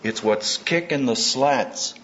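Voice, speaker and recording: In a sermon on marriage and family given at a Christian conference, this preacher keeps things punchy and humorous and acts out ordinary moments for his audience. He speaks slowly in a mid-range, fairly bright voice, heard through dull, lo-fi tape with faint hiss.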